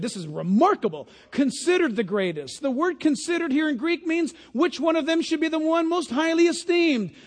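High-pitched guy preaching, chatty and animated, echoey hall. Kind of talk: sermon. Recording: long hall reverb.

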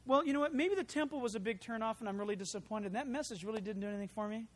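A man preaching a sermon in an animated, conversational way, full of asides and rhetorical questions. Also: high-pitched, rapid-fire. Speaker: pastor.

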